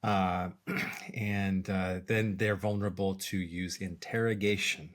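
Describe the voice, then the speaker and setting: A middle-aged man, a podcast co-host and executive coach, explaining ideas in a measured way with many fillers and restarts. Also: sits low, steady tone. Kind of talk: casual explanatory chat.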